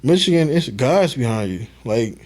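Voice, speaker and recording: Relaxed male podcast guest, former football player, loose storytelling. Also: mid-range voice, moderate pace. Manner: laid-back, swears casually, acts out quotes. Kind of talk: casual storytelling.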